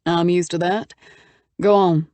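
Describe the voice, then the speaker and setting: A woman narrator gives voice to a self-assured Texan businessman with a deep baritone and a Texas drawl, easygoing and wry. The audiobook reading is close and dry, with no room sound at all. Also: fairly even intonation, a little slow, dark tone, dry recording, natural voice. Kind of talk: audiobook character voice.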